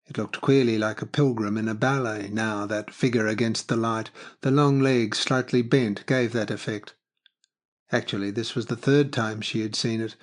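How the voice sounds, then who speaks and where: A man narrating a literary audiobook in a measured, expressive reading. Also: medium pitch.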